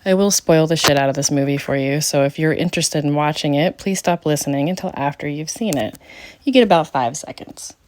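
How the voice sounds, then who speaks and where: A middle-aged woman hosting a podcast, recapping a bad movie with snarky, mocking commentary and sudden high jumps for the jokes. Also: fairly quick, darkish tone. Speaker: podcast host.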